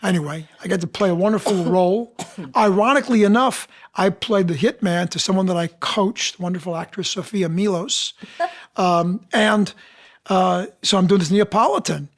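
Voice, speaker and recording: A man with a fairly high voice talks as a podcast guest. He tells his stories with animation and acts out the people he quotes. He speaks as a seasoned actor and dialect coach. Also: normal speed. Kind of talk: casual interview storytelling.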